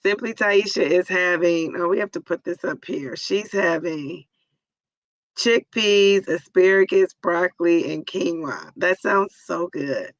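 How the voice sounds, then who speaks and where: A hoarse, raspy woman in her forties hosting a live stream, chatting casually and greeting viewers by name. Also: lowish voice, a little slow, dry recording, highs cut off. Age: 40s.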